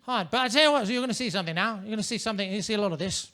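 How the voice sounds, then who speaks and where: A man doing a stand-up set on a comedy club stage. He speaks in a high, bright voice, with pompous, ornate phrasing. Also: racing.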